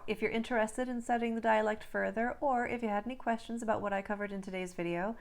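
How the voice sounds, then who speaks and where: A woman's voice: mid-range voice, creaky. A woman accent coach giving a scripted lesson, carefully enunciating drill words and phrases.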